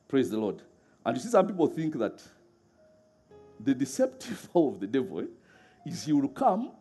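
With a husky, medium-pitched voice, a middle-aged preacher gives an energetic sermon, breaking into frequent laughter and performing character voices in his stories.

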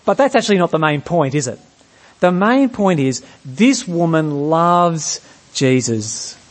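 A man delivering a sermon in a high, very animated voice that swings freely up and down. He keeps turning to his listeners with rhetorical questions. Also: unhurried. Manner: asks the congregation rhetorical questions. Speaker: preacher.

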